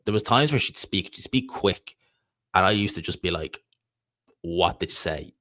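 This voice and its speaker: Low-voiced Irish man chatting on stream. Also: animated, normal speed, pushed and bright, no room sound, studio quality. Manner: rambling, chatty, answers questions from chat. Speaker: livestream host reading viewer chat. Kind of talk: casual live-stream chat.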